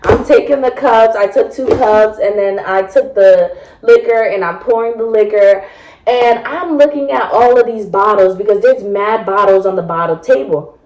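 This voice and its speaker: A woman's voice: medium pitch, normal speed, darkish tone, slight background noise. Chatty woman telling a story in a roomy space. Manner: chatty, profane, dramatic retelling with asides. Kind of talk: casual storytime. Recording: roomy echo.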